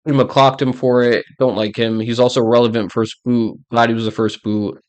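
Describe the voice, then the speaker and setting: A man's voice: medium pitch, flat delivery, normal speed. A young man talking casually as a YouTuber, ranking reality show players with blunt, ranting opinions and many fillers.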